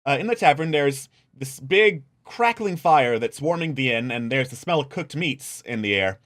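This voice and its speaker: A man's voice: medium pitch, expressive, moderate pace, fairly bright tone. A man narrating as game master of a tabletop role-playing game, with many hesitations and fillers.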